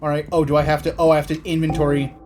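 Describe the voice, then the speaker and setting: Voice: mid-range voice, little pitch movement, very fast, background noise. A gaming host giving casual, jokey commentary and reading the game's lines aloud. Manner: jokey, rambling, reads game dialogue aloud. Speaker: let's play host.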